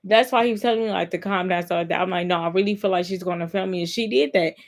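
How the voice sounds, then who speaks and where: A woman's voice: on the low side, quick pace. A young woman talking casually to her camera, telling a long story in a rambling, emphatic way with lots of filler words. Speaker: vlogger.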